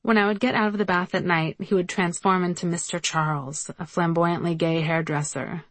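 A woman's voice: fairly low pitch, steady tone, normal speed, no room sound. A woman reading her own memoir aloud in a wry storytelling manner. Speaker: memoir narrator. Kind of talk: audiobook narration.

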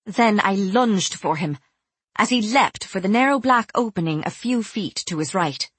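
A woman narrating a first-person audiobook in a cool, measured way, turning quietly menacing in dialogue. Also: medium pitch, animated, slightly rough, no echo.

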